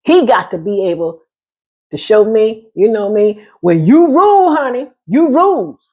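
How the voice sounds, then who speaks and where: A woman's voice: a little high, animated, measured pace, darkish tone, slightly rough, dull audio. A woman talking casually to her viewers in a sassy manner, calling them honey and laughing often. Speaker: vlogger giving relationship talk.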